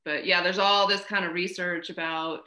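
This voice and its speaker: A woman hosts a podcast in a bright, sharp, somewhat low-pitched voice. She talks conversationally, full of "you know" and "right?", in an echoey room. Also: fairly even intonation, normal speed. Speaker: podcast host.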